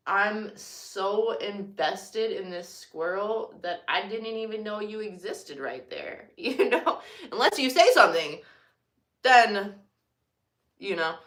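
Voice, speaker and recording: A young woman tells a rambling storytime to her vlog audience, her voice slightly low-pitched but bright and forceful. She jumps from loud excited outbursts to low, trailing mutters. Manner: animated, swings from loud excited bursts to quiet mutters. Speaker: vlogger. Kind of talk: casual storytime monologue.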